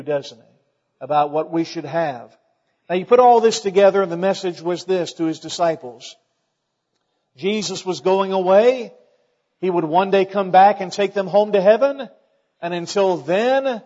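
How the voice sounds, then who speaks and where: A man's voice: high-pitched, darkish tone, dull audio. A middle-aged man preaching a sermon in a church, folksy in tone, building emphasis and quoting scripture. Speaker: pastor.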